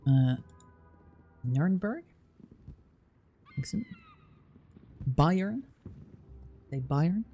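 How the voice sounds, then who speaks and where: A man's voice: mid-range voice, unhurried, creaky, long pauses, dark tone, slight background noise. A man with a southern English accent from the Southwest, streaming and chatting casually, thinking aloud with plenty of fillers. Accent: southern English (Southwest England). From Southwest England. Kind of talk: casual chat with live chat.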